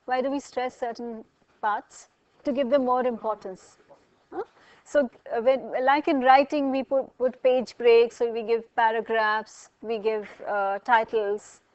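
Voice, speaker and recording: A woman's voice: fairly high pitch, steady tone, measured pace, darkish tone, no room sound, muffled recording. A woman lecturing a college class, asking students questions and explaining with everyday examples.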